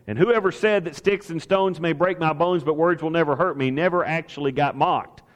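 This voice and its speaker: A man's voice: a little high, moderate pace. Emphatic preacher man in a hall. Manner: emphatic, asks the listeners rhetorical questions. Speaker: pastor. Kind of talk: sermon.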